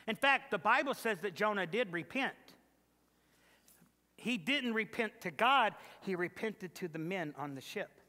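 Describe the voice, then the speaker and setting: A man's voice: high voice, animated, measured pace, sharp tone. A male pastor preaching a sermon, telling a story emphatically and repeating words for emphasis. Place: church sanctuary. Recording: echoey church sanctuary.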